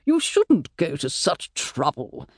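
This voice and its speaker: A woman narrator voicing a courteous middle-aged gentleman painter in an audiobook, with gentle, measured politeness. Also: low voice, huge pitch swings, no echo, clean studio sound, voice pushed down, heavily acted. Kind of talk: audiobook character voice.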